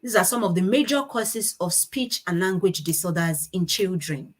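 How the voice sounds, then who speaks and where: A woman's voice: fairly low pitch, lively intonation, normal speed. A woman giving a conference talk with slides, explaining step by step and stopping to correct herself. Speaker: conference speaker on child speech disorders.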